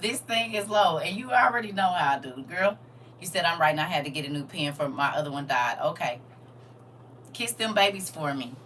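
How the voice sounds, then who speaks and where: A woman's voice: on the low side, animated, a little fast, fairly bright tone, recorded from a distance, a little hiss or hum. An older woman leading a casual livestream Bible lesson, chatting and teasing her viewers as she teaches. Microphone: phone.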